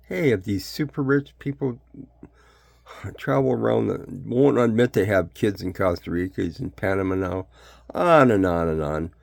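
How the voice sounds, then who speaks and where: A man's voice: fairly low pitch, moderate pace, gravelly, no echo, clean studio sound. An older man from Canada talking in a blunt, folksy, rambling monologue that jumps between topics.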